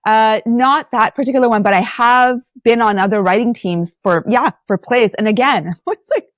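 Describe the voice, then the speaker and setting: A woman's voice: fairly high pitch, moderate pace, no echo, clean studio sound. A middle-aged woman from Lebanon, an actor and playwright, talking as a podcast guest and acting out the people she quotes. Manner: animated storyteller, acts out quotes. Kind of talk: podcast interview.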